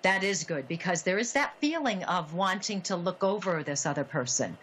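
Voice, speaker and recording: Lady psychic hosting a call-in show, kinda low voice, lots of ums and little laughs, faint hiss behind. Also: lively intonation, low-quality recording. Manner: gentle, halting, many fillers and soft laughs. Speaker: psychic medium show host. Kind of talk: call-in radio reading.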